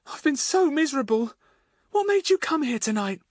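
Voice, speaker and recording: A frightened young girl, tearful and pleading in a high, trembling voice, as a male audiobook narrator puts her on. Her pitch leaps far above his usual register and swings widely. The recording is dry and close. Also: big pitch swings, moderate pace, no echo. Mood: earnest. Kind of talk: audiobook character voice.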